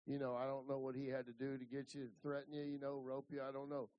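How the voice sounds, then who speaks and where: A man's voice: mid-range voice, monotone, fast, dull audio. Folksy preacher man in his fifties. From Ohio. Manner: rambling, repeats words and restarts. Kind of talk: folksy storytelling sermon.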